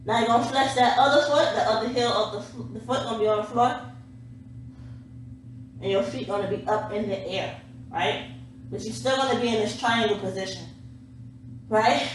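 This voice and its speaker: An energetic woman coaches a home stretch workout, chatty and out of breath, voice pitched a little high. The sound is very echoey and taken from well away from the mic, with a faint hum underneath. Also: recorded from a distance. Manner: energetic, chatty, calls viewers honey and darling. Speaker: dance instructor.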